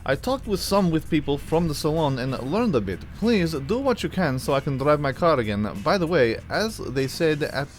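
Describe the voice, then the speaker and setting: Brief: weary traveler customer in a game, a man doing a put-on Russian accent, slow and stiff, pitched up from his own low voice. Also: lively intonation, faint music behind, natural voice. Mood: pleading. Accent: mock Russian accent.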